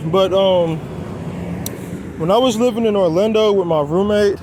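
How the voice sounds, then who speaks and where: Young guy rambling to his viewers outside, high voice, winded, faint outdoor noise. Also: normal speed. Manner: loose, rambling, talks to viewers as y'all. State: out of breath. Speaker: car vlogger. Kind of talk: casual vlog chat. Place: outdoors on a quiet roadside.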